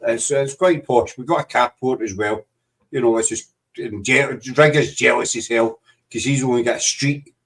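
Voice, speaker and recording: A man's voice: mid-range voice, distant mic. Rambling Scottish man, set back from the mic. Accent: Scottish, West of Scotland. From Glasgow, Scotland. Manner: rambling, halting, teasing. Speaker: host. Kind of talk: casual live chat show.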